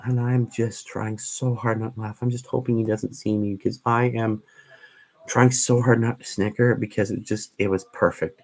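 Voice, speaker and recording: Rambling man, slightly low voice. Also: darkish tone. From Canada. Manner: casual, meandering, with many ums and restarts. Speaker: livestream host. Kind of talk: rambling livestream storytelling.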